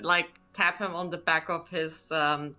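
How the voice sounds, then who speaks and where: A woman joining a tabletop role-playing session, talking fast and excitedly with lots of giggling. Her voice is bright and sharp. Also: lowish voice. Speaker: player. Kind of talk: tabletop game chat.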